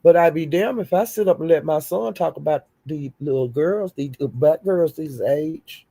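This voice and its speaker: A woman's voice: low voice, moderate pace, vocal fry, warm tone, slightly rough, no echo. A middle-aged woman hosting a livestream, delivering a heated, profane and emphatic scolding rant. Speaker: livestream host.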